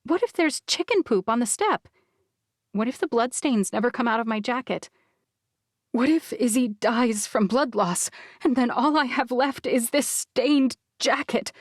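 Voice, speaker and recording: A woman narrating an audiobook in the first person, with expressive storytelling. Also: a little high, measured pace, no echo, clean studio sound. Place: recording booth. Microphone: studio microphone.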